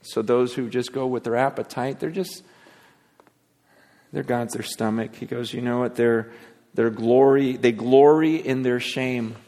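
A man preaching a sermon, moving between hushed, intense passages and raised, pleading ones. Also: mid-range voice, steady tone, measured pace, big-room sound. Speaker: pastor.

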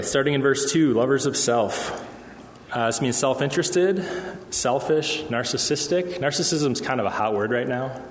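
This pastor's voice is mid-range. Preaching a conversational sermon in a church hall, he often asks the congregation "okay?", and the recording carries long, echoey reverb plus a little hiss or hum.

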